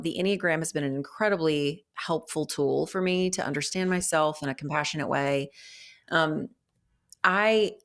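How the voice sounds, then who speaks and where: Middle-aged woman, kinda low voice, chatty guest rambling and thinking out loud. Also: clean tone. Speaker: author and guest. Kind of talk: casual interview chat.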